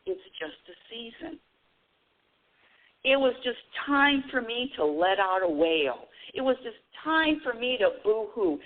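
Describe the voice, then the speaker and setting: A middle-aged woman hosting a spiritual call-in radio show, talking animatedly with frequent laughs and dramatic self-quotes. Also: mid-range voice. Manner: animated, laughing often, quoting herself dramatically. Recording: tinny phone line.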